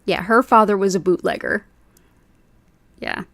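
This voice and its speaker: A woman's voice: medium pitch, a little slow, creaky, fairly bright tone, dry recording. Host, woman, 40s, rambling casual chat, dry close mic. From United States. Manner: chatty, rambling, says "like" often. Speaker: Reiki livestream host. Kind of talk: casual chat with live viewers.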